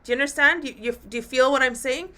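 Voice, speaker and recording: A woman hosts a live motivational talk for her listeners. Her voice is bright and forceful, and she speaks candidly and with animation, dropping swear words freely along the way. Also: high-pitched, quick pace. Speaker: podcast host and women's coach.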